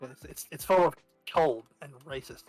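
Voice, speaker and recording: A man's voice: fairly high pitch, normal speed, a little mellow, soft background music. A man from the Southern United States chatting casually while gaming, wry and opinionated, swearing now and then. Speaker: game player. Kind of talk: casual chat while playing.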